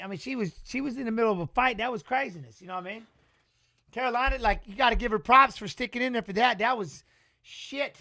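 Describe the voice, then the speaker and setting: High, bright-voiced man rambling fight talk. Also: fast talker, creaky. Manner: rambling, emotional, salty. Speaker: watch-along commentator. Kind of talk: casual live fight commentary.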